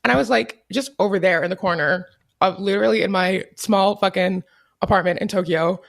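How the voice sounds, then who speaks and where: A young woman telling stories as an interview guest in casual chat, animated, laughing often and swearing freely. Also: medium pitch, fairly quick, creaky. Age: young adult.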